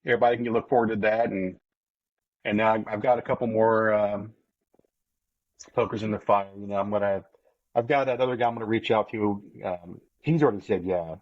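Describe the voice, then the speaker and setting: Podcast host, casual and rambling, low register, muffled lo-fi recording. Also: male voice, fairly even intonation, a little fast, no room sound. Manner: rambling, fillers and restarts. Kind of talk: casual chat.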